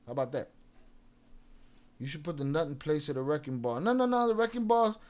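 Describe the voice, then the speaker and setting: Livestream host, male, high-pitched, profane and taunting, rants straight at his chat. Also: animated, fairly quick, a little mellow. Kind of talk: livestream rant addressing chat.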